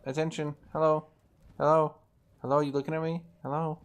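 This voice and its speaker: A man's voice: on the high side, flat delivery, fairly quick, clean tone, voice pushed up, close to an everyday voice. A man doing a needy, chatty female house cat. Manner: insistent, repetitive calling.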